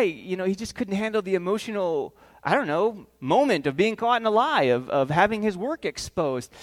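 A man preaching a sermon, telling a family story with acted-out voices and questions to the congregation. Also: high voice. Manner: animated, acts out voices, asks the room questions. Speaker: pastor.

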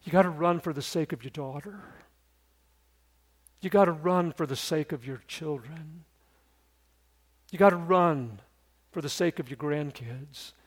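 An older man, a pastor and great-grandfather, preaching a sermon. He moves from loud storytelling to low, hushed pleading. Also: measured pace, long pauses, slightly rough.

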